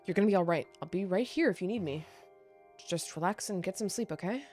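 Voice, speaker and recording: A woman voicing an earnest young male student who leads his team, speaking in a worried, gently reassuring way. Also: on the low side, fast talker, soft background music, natural voice.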